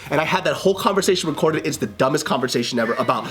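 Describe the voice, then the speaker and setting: Young man, casual storyteller, profane, lively swooping pitch, panel show. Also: racing, a crowd in the background. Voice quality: animated, profane, acts out both sides of quarrels. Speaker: panel guest.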